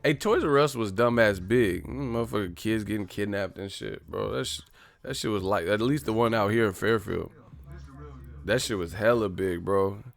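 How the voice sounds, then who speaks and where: A man's voice: on the low side, normal speed, creaky. A man hosting a live stream, chatting casually, cursing and joking as he reads viewer messages. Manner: profane, joking, puts on voices for bits. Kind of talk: casual live-stream chat reading super chats.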